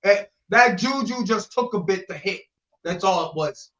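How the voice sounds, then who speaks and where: A man's voice: high voice, normal speed, dull audio. A man co-hosting a casual football podcast, swearing and ranting with lots of energy. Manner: animated, swears a lot, rants. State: agitated, rattled. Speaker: podcast co-host.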